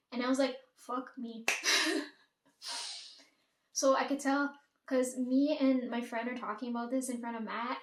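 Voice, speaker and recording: A young woman rambles through a casual storytime, swearing freely and quoting what others said to her. Her voice sits a little high and carries a roomy echo. She is some distance from the mic. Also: darkish tone.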